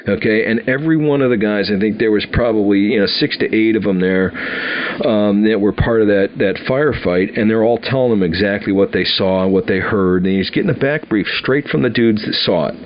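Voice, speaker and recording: A man's voice: fairly low pitch, a little fast, lo-fi sound. A man in his fifties casually telling an old army story, rambling with many fillers and restarts.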